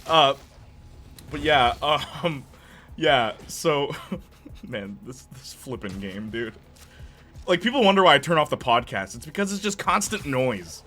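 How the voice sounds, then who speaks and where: A young man commenting over his gameplay stream, rambling from one tangent to the next and full of fillers. His voice swings widely in pitch, and soft game music plays underneath. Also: expressive, measured pace, long pauses. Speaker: gaming streamer.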